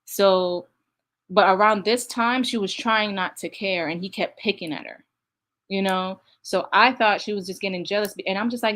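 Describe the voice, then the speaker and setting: A woman's voice: medium pitch, normal speed, bright, forceful tone. A young adult woman casually commenting on video clips, talking directly to her viewers with a candid, laughing manner.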